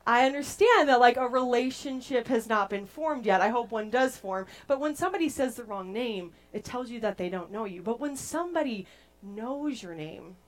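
A young adult woman preaching a casual, playful sermon to a group, chatty and animated as she tells stories. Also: a little high, moderate pace.

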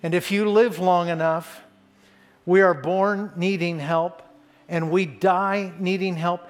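An older man delivers a sermon in a notably high voice. He speaks slowly and deliberately, leaning into key words. His delivery is earnest and grows fervent. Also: fairly even intonation. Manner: earnest, builds to fervent emphasis, slows for key points. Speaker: pastor.

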